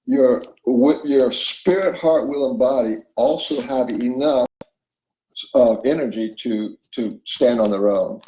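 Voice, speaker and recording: Slow and warm, a mid-range male voice explains spiritual self-help concepts as an interview guest, voicing inner dialogue and frequently checking that his listener is following. The sound is roomy and the audio poor.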